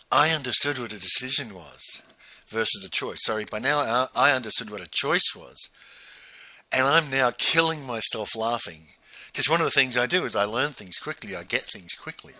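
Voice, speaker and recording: A man delivers a coaching lesson in a sharp, bright, forceful voice. He talks in a loose, halting way, chuckling and tossing in "right?" as he goes. The recording is dry, with no room sound. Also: medium pitch, no echo. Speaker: business coach. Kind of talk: spoken lesson with anecdotes.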